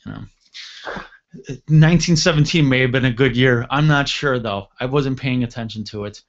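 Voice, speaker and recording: A man from upstate New York telling a long story on a talk show, rambling and correcting himself, and lively when he acts out the dialogue. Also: mid-range voice, moderate pace, dull audio. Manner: rambling with frequent self-corrections; animated when acting out dialogue. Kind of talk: casual anecdote telling.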